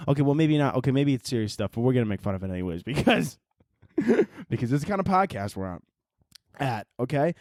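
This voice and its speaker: A man hosting a solo podcast, rambling and swearing through animated stories, short on sleep and wired. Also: mid-range voice, quick pace, no echo. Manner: rambling, profane, animated storytelling. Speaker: podcast host. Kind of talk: casual solo podcast monologue.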